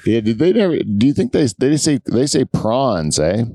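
A man's voice: medium pitch, big pitch swings, normal speed, dark tone, no room sound. A man co-hosting a comedy podcast, chatting casually and rambling with lots of fillers and laughter. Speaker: podcast co-host. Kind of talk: casual chat.

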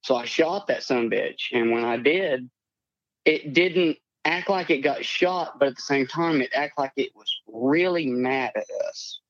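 A man's voice: mid-range voice, measured pace, fairly bright tone, dry recording. A man in his late twenties calling in to tell a rambling, plainspoken story of a strange encounter. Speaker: caller. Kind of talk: telling a personal encounter story. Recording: dull, lo-fi call audio.

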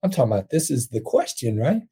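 A man telling an emotional story as a podcast guest, earnest and quick to laugh. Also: mid-range voice, sing-song, mellow, breathy edge. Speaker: podcast guest, prison ministry founder. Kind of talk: storytelling in conversation.

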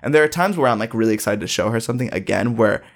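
A man's voice: fairly low pitch, rapid-fire. A man in casual conversation, animatedly telling a travel story and acting out the lines of people in it. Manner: animated storyteller, acts out quoted dialogue. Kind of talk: casual chat.

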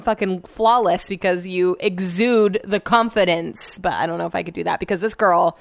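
A woman's voice: lowish voice, fairly even intonation, moderate pace, vocal fry, dry recording. A young woman from the United States talking casually to her viewers, rambling and chatty with lots of filler words and casual swearing. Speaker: vlogger.

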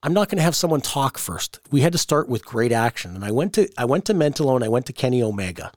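Animated storytelling man, dry close sound. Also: medium pitch, fast, no echo. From Canada. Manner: animated storyteller acting out quoted voices. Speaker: podcast host, wrestling promoter. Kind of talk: casual storytelling chat.

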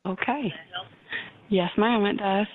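A woman's voice: mid-range voice, takes it slowly. A woman calling in to a radio show, asking her question hesitantly and politely. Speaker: caller. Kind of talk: phone-in question. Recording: tinny phone line.

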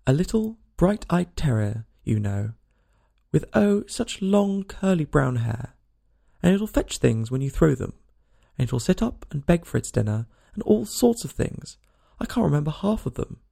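A man's voice: a little high, very animated, a little slow, creaky, dark tone, full character voice. A man voicing a polite, curious young girl who chatters eagerly and earnestly in a storybook reading.

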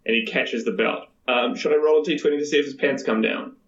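A man at a tabletop game explaining his moves in a casual, halting way. His mid-pitched voice carries a noticeable roomy echo. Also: a bit bright, dull audio. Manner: hesitant, many ums. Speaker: player.

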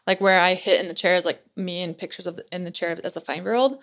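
A woman's voice: fairly low pitch, fairly even intonation, fast talker. A young adult woman, a podcast guest, tells a story in a casual, chatty way and fills her speech with "like".

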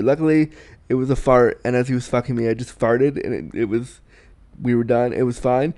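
A young man hosting a podcast, answering a listener's question in a frank, animated, self-deprecating way. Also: mid-range voice, fairly quick. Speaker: podcast host. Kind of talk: candid advice chat.

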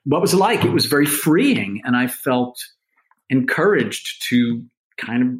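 A man's voice: mid-range voice, a little slow, low-quality recording. A middle-aged actor, a man, chatting as an interview guest, telling loose, self-mocking anecdotes. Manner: rambling, self-mocking, animated storytelling. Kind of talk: casual interview chat.

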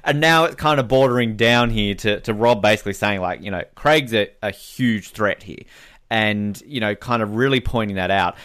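A man co-hosting a podcast in casual chat, animated, often mimicking others in quick quotes. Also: fairly low pitch. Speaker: podcast co-host.

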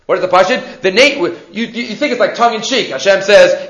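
Casting: high-voiced man, animated Torah teacher, dull echoey room recording. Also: fast talker, few pauses. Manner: animated, acts out quotes, repeats himself. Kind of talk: Torah class lecture.

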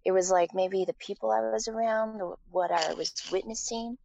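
A woman's voice: mid-range voice, steady tone, moderate pace, gravelly, a little mellow, slight background noise, low-quality recording. A woman from Taiwan, a guest in a casual interview, telling a personal story with lots of fillers and restarts.

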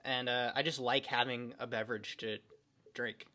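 A man's voice: medium pitch, steady tone, normal speed, bright, forceful tone. A man hosting a podcast in casual chat, rambling and filling his talk with "like". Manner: rambling, heavy use of "like". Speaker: podcast host.

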